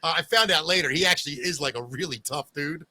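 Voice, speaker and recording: Bright, animated male radio host. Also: on the high side, fast, dry recording. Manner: animated storyteller, acts out quoted voices. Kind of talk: casual podcast chat.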